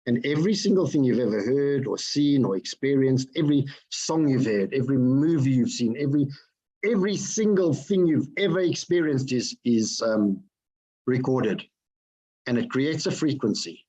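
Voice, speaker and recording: A man giving an energetic motivational talk to an online group. He keeps asking his listeners questions and repeats his phrases for effect. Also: mid-range voice, moderate pace, husky. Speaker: motivational speaker.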